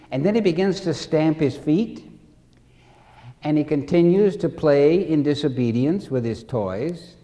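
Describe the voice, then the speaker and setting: A man preaching a sermon with slow, deliberate delivery, repeating key phrases and acting out stories. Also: fairly high pitch, animated, dark tone, in a large hall.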